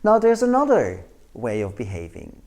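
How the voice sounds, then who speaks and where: A man giving a training lecture, telling an everyday story in an animated way and acting out the scenes. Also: mid-range voice, moderate pace.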